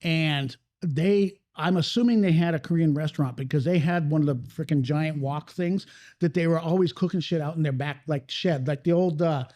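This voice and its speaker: A man's voice: fairly high pitch, normal speed, darkish tone, no room sound. A man hosting a podcast in casual chat, rambling and swearing freely as he talks. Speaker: podcast host. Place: cigar lounge.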